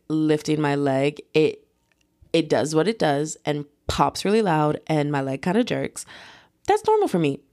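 A woman's voice: deep voice, no echo, clean studio sound. Chatty young woman telling a story. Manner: chatty, lively retelling full of "like" and acted-out quotes. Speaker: vlogger. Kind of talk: casual storytime.

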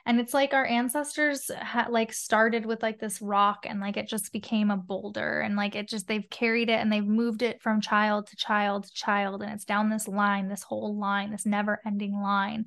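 Her voice is medium-pitched and gravelly, moving at a moderate pace with hardly any pauses, as this spiritual mentor guests on a podcast. In the casual interview she talks expressively, swears now and then and acts out her inner voices.

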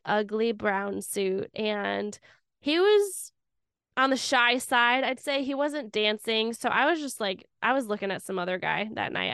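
A woman's voice: on the high side, gravelly, a bit bright, smooth, no echo, studio quality. A young adult woman hosting a podcast, telling a personal story in a candid, conversational way with lots of "like" fillers. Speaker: podcast host.

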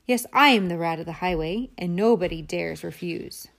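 A woman voicing a greedy, bullying male rat highwayman in a storybook reading, with a loud, boastful sing-song chant. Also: moderate pace, gravelly.

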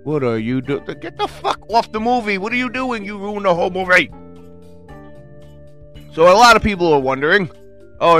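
A man reviewing a movie in a casual rant, reading bits off a webpage out loud and getting worked up, with lots of swearing and filler words. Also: mid-range voice. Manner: excitable, swears, keeps saying "freaking".

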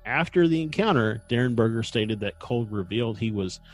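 A man co-hosting a casual podcast chat, relaxed and digressive, often pausing with ums and clearing his throat. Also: mid-range voice, faint music behind. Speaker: podcast co-host. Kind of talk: casual chat about paranormal lore.

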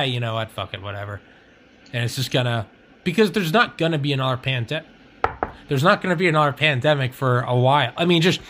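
A man's voice: a little high, a bit bright, slight background noise. A young man hosting a podcast in casual chat, rambling and swearing, laughing often. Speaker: podcast host.

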